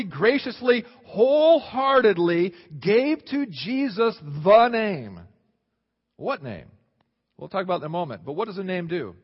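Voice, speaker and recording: Male pastor, high voice, animated sermon, dull sound in a long-echo church hall. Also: husky. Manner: animated, swings between quiet asides and loud exclaims.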